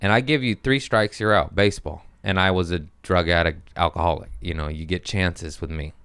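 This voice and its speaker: Deep-voiced man telling crude stand-up stories. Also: brisk, smooth, no echo. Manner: animated storytelling with crude language. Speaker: comedian podcast host. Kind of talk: casual monologue.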